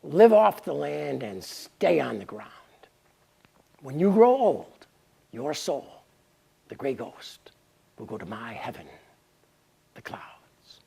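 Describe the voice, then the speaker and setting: A woman voicing God, a stern lord of the garden who scolds and commands, in a gravelly voice. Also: medium pitch, big pitch swings, slow pace, hardly any pauses, a little mellow, a little hiss or hum, pitched above the performer's own voice, heavily acted. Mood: merciful.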